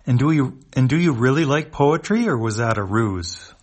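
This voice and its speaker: A man's voice: medium pitch, expressive, moderate pace, husky, pitched above the performer's own voice. A man voicing a curious, blunt female dog alien in a read-aloud comic.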